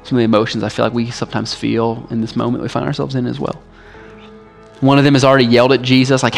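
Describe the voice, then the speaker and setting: A male pastor delivering a sermon in a relaxed, conversational way, often dropping in "like" as he speaks. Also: mid-range voice, fast talker, creaky, soft background music. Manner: casual, conversational preaching with frequent "like".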